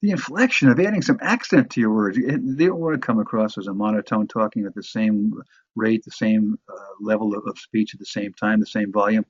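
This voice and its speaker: Husky man teaching in a dull recording. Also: on the low side, fairly quick, no room sound. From New York area. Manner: conversational, frequent restarts and repeated words. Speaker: course instructor. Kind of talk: instructional talk on sales presentations.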